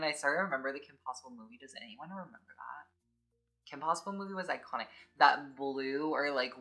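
A woman's voice: extremely low pitch, sharp tone. A young adult woman hosting a casual unboxing vlog, chatty and filling her speech with "like". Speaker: YouTube host.

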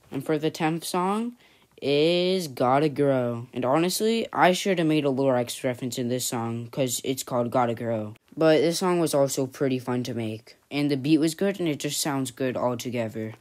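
Chatty offhand vlogger, mid-pitched voice. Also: a little mellow. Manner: chatty, loose and offhand, leaning on fillers like "and yeah" and "honestly". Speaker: channel host. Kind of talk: casual vlog recap.

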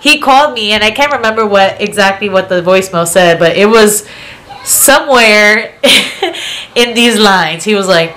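A woman's voice: medium pitch, lively intonation, measured pace, fairly bright tone, poor audio. A woman vlogger, around her twenties, telling a story in casual chat and giggling often.

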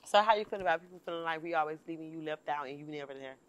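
A woman's voice: low-pitched, rapid-fire. A young woman hosting a casual chat, playful and teasing with her guests. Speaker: host.

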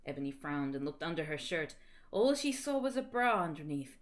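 A woman reading fan fiction aloud for laughs, mostly deadpan narration with sudden squealing shouted quotes. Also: low-pitched, normal speed. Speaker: co-reader.

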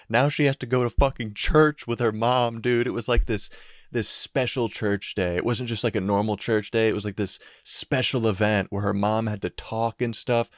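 A young man from Connecticut telling a casual, profane story in a storytime vlog, with laughter and drawn-out asides. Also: fairly low pitch, no echo, studio quality. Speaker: vlogger.

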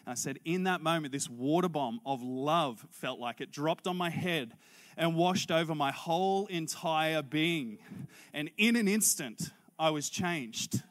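A man, a pastor preaching a sermon through an animated personal story, acting out the conversation. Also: fairly high pitch, unhurried. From Australia. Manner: animated, acts out dialogue in character voices.

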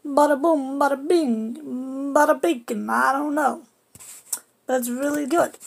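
Woman, high voice, casual deck walkthrough, cheeky trash talk and silly sound effects. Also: unhurried, creaky. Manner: playful, trash-talking, with goofy sound effects. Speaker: card game deck presenter. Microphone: camera on a table.

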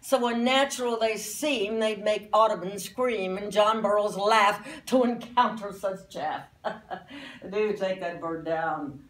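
A woman's voice: medium pitch, takes it slowly, fairly bright tone, roomy sound, far from the mic, low-quality recording. A woman voicing an indignant young man who lectures as a self-styled bird expert, in a dramatic poetry recitation. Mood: exasperated. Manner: lecturing, exasperated, theatrical.

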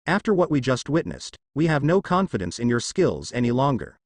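A man reading as a ruthless old village elder who gives orders in short, curt sentences. The pitch is in the middle range with lively rises and falls. The sound is dry and close. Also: fairly quick, no room sound. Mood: stern.

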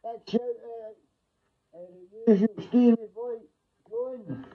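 A middle-aged Scottish man rambles through casual livestream chat, blunt and full of swearing. His voice sits fairly high for a man. The sound is thin and tinny, like a phone line. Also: fairly even intonation, slow. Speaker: livestream host.

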